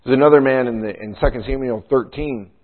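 A male pastor preaching a sermon at a medium pitch. He leans on rhetorical questions and keeps checking in with "right?". The sound is thin and narrow, like a phone line. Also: brisk.

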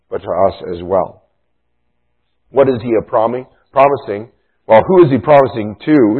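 Husky man preaching an emphatic sermon. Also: fairly low pitch. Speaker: pastor. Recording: tinny phone-like sound.

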